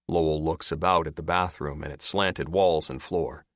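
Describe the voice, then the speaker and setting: A man narrating a paranormal audiobook in expressive scripted storytelling. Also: a bass voice, moderate pace, hardly any pauses, no room sound, studio quality.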